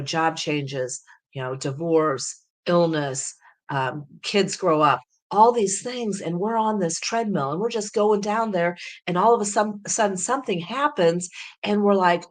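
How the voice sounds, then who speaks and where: A woman sales coach teaching in an energetic, persuasive way and acting out sample lines. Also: on the low side. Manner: talks through sample scripts, energetic and persuasive. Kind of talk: coaching lesson.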